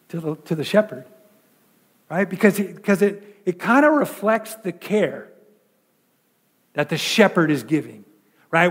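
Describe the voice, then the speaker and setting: A man's voice: high-pitched, big-room sound. A male pastor preaching a sermon in a chatty way, full of repeated words and rhetorical questions.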